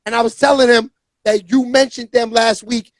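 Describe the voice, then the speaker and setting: A man hosting a casual chat, telling stories animatedly and shouting out guests. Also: very high voice, fairly even intonation, moderate pace, dry recording. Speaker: podcast host.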